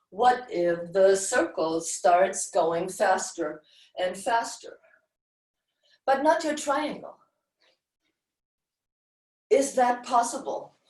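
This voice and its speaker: A woman teaching a live-streamed dance class, giving slow guiding cues and chanting rhythm syllables. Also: mid-range voice, darkish tone. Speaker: dance instructor. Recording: roomy echo, voice from far off the mic.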